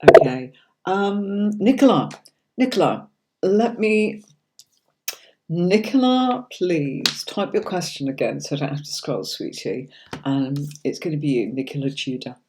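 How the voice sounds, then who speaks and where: A woman's voice: deep voice, expressive, measured pace, background noise. A middle-aged woman giving casual tarot readings on a livestream. She chats to viewers, reads out their comments and answers them by name, often calling them darling or sweetie. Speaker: tarot reader hosting a livestream.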